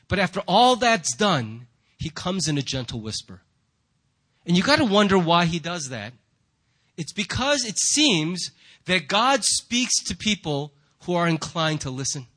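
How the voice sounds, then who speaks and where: A man preaching a sermon in church, animated and jokey, acting out voices to make his points. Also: high voice. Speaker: pastor.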